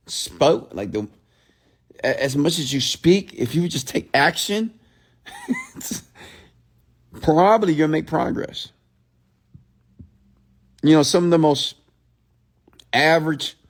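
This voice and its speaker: A man giving a blunt, profane late-night motivational rant, mocking people in a raised voice as he quotes their excuses. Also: mid-range voice. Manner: mimics others in a raised voice. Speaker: motivational speaker.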